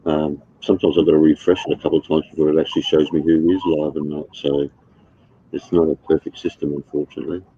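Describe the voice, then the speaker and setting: A man's voice: very deep voice, level tone, fast talker, warm tone, slightly rough, no echo. A man in casual chat, talking hesitantly with many fillers and some swearing, on a dull, muffled mic.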